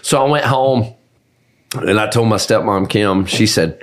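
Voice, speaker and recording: A man's voice: lowish voice, unhurried. A man guesting on a podcast, joking and swearing bluntly in casual chat.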